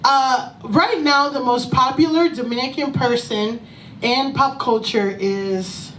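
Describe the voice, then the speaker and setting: A woman performing a profane, animated stand-up comedy set on a small club stage. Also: sits high, slow pace, slight background noise. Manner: profane, animated, breaks into laughter. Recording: echoey room, mic from a distance.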